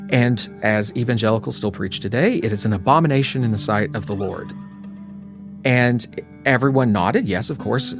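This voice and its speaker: A young adult man, interviewed, reflecting on his life in a quiet, emotional way. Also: mid-range voice. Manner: reflective, quietly emotional, sometimes trails to a whisper. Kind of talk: personal storytelling.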